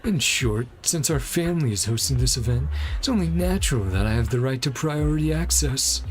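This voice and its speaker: An arrogant, entitled rich young man in a game talks down to everyone in a haughty, indignant tone, read aloud by a man. The voice sits in a middle pitch with lively swings. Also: fairly quick, soft background music, lightly acted.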